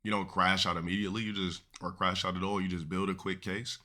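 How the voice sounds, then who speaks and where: A man's voice: sits low, level tone, fast, pushed and bright. A male streamer giving crude, dismissive reaction commentary on a live stream. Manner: blunt, crude, dismissive ranting.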